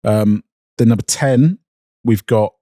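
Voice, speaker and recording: A man's voice: lowish voice, slow, dark tone, dry recording. A man co-hosting a casual car podcast, reading out a list with dry, teasing banter. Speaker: podcast co-host. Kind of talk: casual chat.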